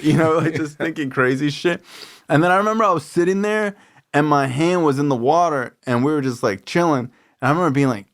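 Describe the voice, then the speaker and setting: A man's voice: fairly high pitch, fast talker. A young man hosting a podcast, chatting casually with a friend. He tells stories with plenty of energy and slips into the voices of the people in them. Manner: animated storyteller, acts out quotes. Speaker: podcast host. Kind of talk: casual storytelling chat.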